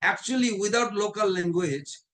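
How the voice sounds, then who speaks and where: A man's voice: high-pitched, moderate pace, fairly bright tone. A man giving a devotional class, telling anecdotes in informal, non-native English and chuckling often. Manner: storytelling with frequent chuckles.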